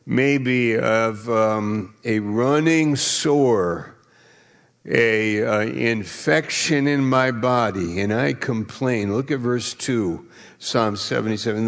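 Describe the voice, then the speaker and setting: Slow-talking preacher guy, playful and teasing, big reverby church hall. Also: medium pitch, gravelly. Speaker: pastor. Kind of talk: sermon.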